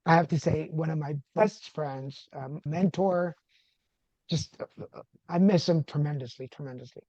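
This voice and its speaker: A man from Texas, a podcast guest, telling a personal story in a relaxed conversational way and acting out the voices of people he quotes. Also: a little high, moderate pace, no echo, dull audio. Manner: animated, acts out quoted dialogue.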